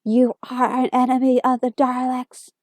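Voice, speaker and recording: A woman doing the Dalek, a raspy metal war machine. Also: high voice, dry recording, natural voice. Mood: menacing. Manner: slow, flat, commanding. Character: harsh metallic alien war machine, cold.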